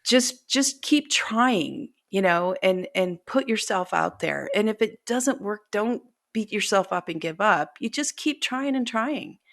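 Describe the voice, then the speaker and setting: A woman's voice: mid-range voice, lively intonation, measured pace, creaky, hardly any pauses, fairly bright tone, no room sound, clean studio sound. A middle-aged woman author telling stories in a casual interview, chatty and self-deprecating, laughing often. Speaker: author guest.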